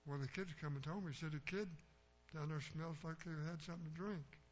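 Older male preacher, blunt folksy storytelling, slightly high voice, dull lo-fi recording with a faint hum. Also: a little fast. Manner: plainspoken, blunt, anecdotal.

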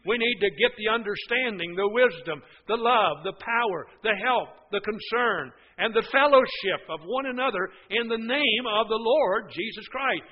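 Male preacher, high voice, earnest sermon with emphatic swells, dull lo-fi broadcast sound.

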